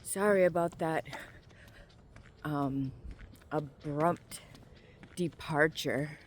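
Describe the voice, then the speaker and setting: In this casual walking vlog, a low-voiced woman from Maine strolls through a small town, talking slowly and loosely. Ums and likes pepper her speech, and now and then she lowers to a hush. Faint outdoor ambience sits behind her phone-mic audio.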